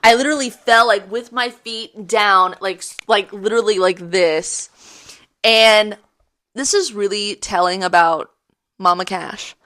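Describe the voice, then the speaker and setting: A woman in her twenties from the Ozarks, telling a story in casual chat with swearing and acted-out shouts. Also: medium pitch, measured pace. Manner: animated, swearing, acts out voices with shouts. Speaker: podcast host.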